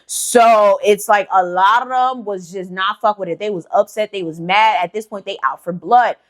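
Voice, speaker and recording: A woman's voice: medium pitch, moderate pace. A young woman hosting a casual storytelling vlog, chatty, swearing freely and leaning on fillers like "you know". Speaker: storytime channel host.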